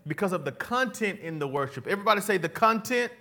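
A man's voice: sits high, lively intonation, fast talker, pushed and bright. A man preaching a sermon, speaking casually with slang and calling on the congregation to repeat words back to him. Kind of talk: sermon with call-and-response.

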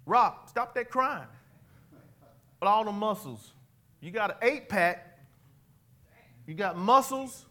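A man's voice: sits high, lively intonation, slow pace, long pauses, pushed and bright, heavily acted. A man preaching who voices a nagging wife scolding her husband for crying. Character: scolding wife, a woman fed up with tears.

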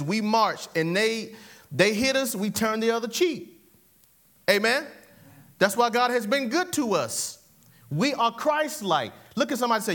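Very high-voiced man preaching a sermon. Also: normal speed. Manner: animated, repetitive call-and-response, laughs often.

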